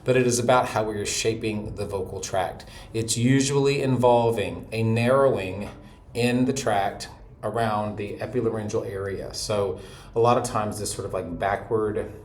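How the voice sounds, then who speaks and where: A man from North Carolina who explains vocal technique in a calm, steady voice, hoarse from laryngitis. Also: on the low side, slight background noise. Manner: explains calmly, with short vocal demos. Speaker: voice teacher. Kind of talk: explanatory voice lesson.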